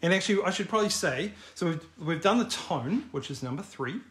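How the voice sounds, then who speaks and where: A man's voice: high voice, animated, fairly quick, a bit bright. A middle-aged man teaching a live online drawing class in a casual, encouraging, chatty way. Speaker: art teacher.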